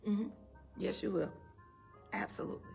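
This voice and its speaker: Gravelly-voiced woman giving an emphatic talk. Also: medium pitch, moderate pace, soft background music. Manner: emphatic, animated, with rhetorical questions; calls listeners "honey". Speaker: speaker addressing a live and online audience. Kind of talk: motivational faith-based talk. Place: event room with an audience.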